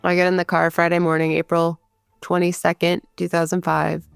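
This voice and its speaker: Woman in her thirties, low voice, very smooth and clear, candid storytelling, dry close sound. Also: completely flat delivery, moderate pace, no echo, soft background music. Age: 30s. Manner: candid, conversational, frequent "like" fillers. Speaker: guest recounting her own story. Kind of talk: personal storytelling.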